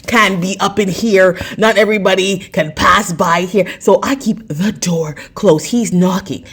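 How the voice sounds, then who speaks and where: A woman vlogger telling a story to her viewers in an animated, emphatic way. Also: medium pitch, unhurried, slightly rough. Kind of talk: storytime vlog.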